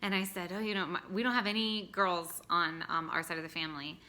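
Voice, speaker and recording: A tired young woman chats to the camera in a bright, forward voice. She laughs often and leans on ums and likes as she talks. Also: on the low side, fairly even intonation, fairly quick. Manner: chatty, laughing often, many fillers. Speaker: vlogger. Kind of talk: casual chat to camera.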